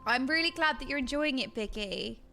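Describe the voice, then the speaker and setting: Bubbly high-voiced British woman streamer. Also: brisk, vocal fry, soft background music. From Britain. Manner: bubbly, chatty, excitable. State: dry throat. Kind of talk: casual chat with live stream chat. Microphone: desk mic.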